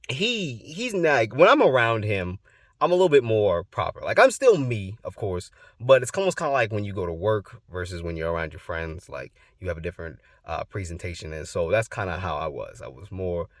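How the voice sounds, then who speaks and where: A man's voice: low-pitched, expressive, brisk, no echo, studio quality. A young man hosting his channel, telling a personal story in a loose, rambling way with many fillers. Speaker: host.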